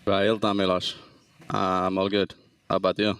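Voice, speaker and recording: Low, flat, calm esports player. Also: male voice, fairly quick, clear, resonant tone. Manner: calm, hesitant, with fillers. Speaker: pro esports player interviewed. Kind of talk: interview answers.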